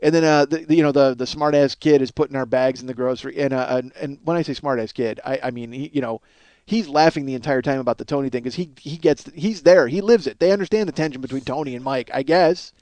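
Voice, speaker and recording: A man's voice: mid-range voice, fast talker, darkish tone, no room sound. A man hosting a podcast, telling a rambling, profane comic story with mounting exasperation. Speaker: podcast host.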